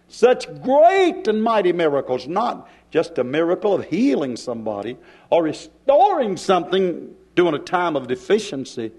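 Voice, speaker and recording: A male preacher delivering a sermon in a church, with dramatic pauses and shifts in pace. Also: high voice, a little mellow.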